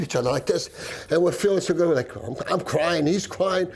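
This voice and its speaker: A man's voice: on the high side, a little fast, vocal fry. A man who is a firefighter recounting events in an interview, telling the story vividly and acting out the voices he heard. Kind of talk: interview testimony. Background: music.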